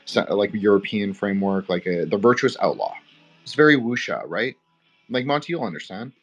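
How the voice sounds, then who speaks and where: A man's voice: mid-range voice, lo-fi sound. A man co-hosting a roundtable podcast, talking in a loose, rambling way full of fillers. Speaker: podcast co-host. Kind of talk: casual roundtable discussion.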